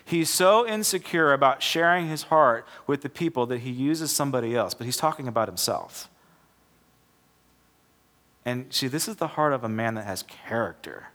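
A man's voice: medium pitch, lively intonation, moderate pace, fairly bright tone. A young man preaches to his church in an easy, chatty way and often starts a phrase over. His voice sits in an ordinary middle range. He speaks as if telling a story to friends. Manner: conversational, repeats and restarts words, acts out quoted characters. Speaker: pastor. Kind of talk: sermon with a joke told as illustration.

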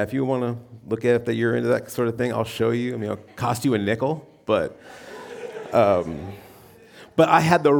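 A middle-aged man preaching from the pulpit with a gravelly, creaky edge to his voice. He slips into a funny personal story and acts out every quoted line. His pitch sits in an ordinary middle range for a man. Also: darkish tone. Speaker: pastor. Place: church.

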